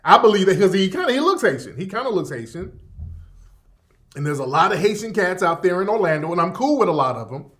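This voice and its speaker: A man's voice: high-pitched, sing-song, fast talker, fairly bright tone. A man hosting a radio show in casual livestream commentary, rambling and profane, repeating himself and reacting to chat.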